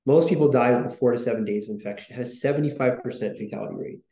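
A man's voice: mid-range voice, very fast, warm tone, roomy sound, rough recording. A man hosting a podcast, talking in a casual, rambling way with many fillers and restarts. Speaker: podcast host.

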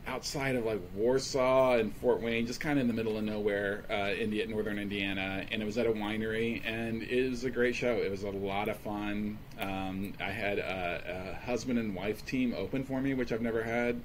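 A man co-hosting a podcast as a stand-up comedian, talking in a relaxed, rambling way with plenty of fillers. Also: lowish voice, moderate pace, hardly any pauses, slight background noise. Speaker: podcast co-host. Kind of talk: casual chat.

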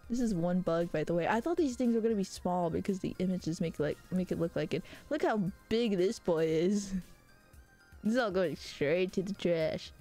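A woman streams live, chatting casually with her viewers. She's animated, prone to high squealing outbursts and laughter.

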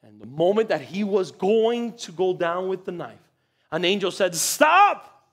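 Man pastor, high voice, animated sermon with acted-out voices, live church service. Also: normal speed. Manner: animated, acts out voices, laughs often. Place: church sanctuary.

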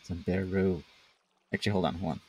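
A man's voice: on the low side, lively intonation, normal speed, lo-fi sound, a little hiss or hum. A man streaming a game live, chatting playfully and bantering with the game's creatures as he plays. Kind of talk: live gameplay commentary.

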